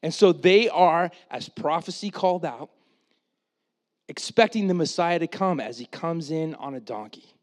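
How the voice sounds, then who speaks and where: A man with a slightly higher voice preaches to his congregation in an easygoing, conversational way. He acts out the people in the story with lively quoted asides, then turns quiet and earnest when he makes his main points. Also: unhurried. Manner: casual and animated, with dramatic quoted asides. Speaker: pastor. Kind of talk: sermon.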